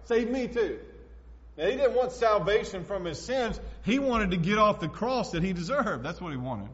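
Male pastor, high-pitched and emphatic, preaching from the pulpit; recording is dull and lo-fi. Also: lively intonation, moderate pace. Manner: emphatic preaching, swinging between loud and hushed. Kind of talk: sermon. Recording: echoey hall, dull lo-fi sound.

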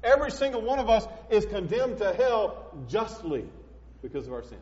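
Male pastor, high-pitched and emphatic, preaching from the pulpit; recording is dull and lo-fi. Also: very animated, normal speed. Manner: emphatic preaching, swinging between loud and hushed. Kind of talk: sermon. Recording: echoey hall, dull lo-fi sound.

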